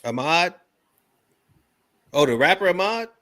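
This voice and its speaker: A man co-hosting a podcast, chatting casually with quick, agreeing interjections. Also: a little high, very animated, sharp tone. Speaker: podcast co-host. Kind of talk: casual chat.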